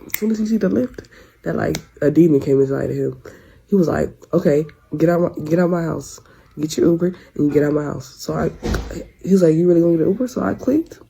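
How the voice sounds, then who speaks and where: Rambling young woman with a gravelly voice. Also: medium pitch, mellow, slight background noise, rough recording. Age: 20s. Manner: rambling, restarts often, slangy. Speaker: storyteller in a clip. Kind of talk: casual storytelling.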